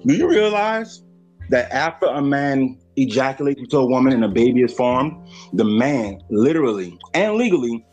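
Man hosting a podcast, preachy and profane, mid pitch, faint music under him. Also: big pitch swings, moderate pace, darkish tone, muffled recording. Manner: profane, preachy, addresses listeners directly. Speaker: podcast host. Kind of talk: casual podcast chat.

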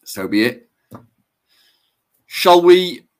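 A man's voice: sits high, very animated, drawn-out words. A man co-hosting a podcast, chatty and self-mocking in casual talk. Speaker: podcast co-host. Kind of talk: casual advice podcast chat.

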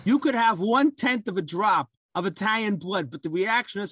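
A man's voice: high-pitched, animated, normal speed, bright, forceful tone, breathy edge, dry recording, studio quality. A man from New Jersey, a congressman guest, talking in casual conversation in an enthusiastic, emphatic way.

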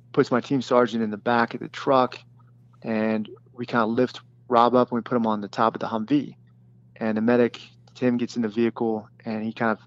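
A man who was a detachment commander, recounting a battle in plain, halting speech with many fillers and restarts. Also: medium pitch, muffled recording. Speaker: former special forces detachment commander. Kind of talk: recounting a combat story in an interview.

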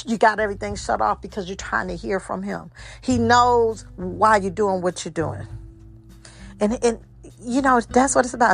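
Middle-aged woman preaching, gravelly fry in her voice, keeps repeating herself and asking the listeners stuff, soft music under her. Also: mid-range voice. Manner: earnest, repetitive preaching with direct questions to listeners. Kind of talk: sermon.

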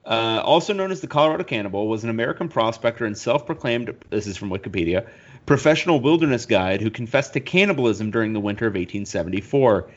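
A man's voice: medium pitch, dull audio. A man co-hosting a podcast in casual chat, reading listener mail and searching things up aloud. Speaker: podcast co-host.

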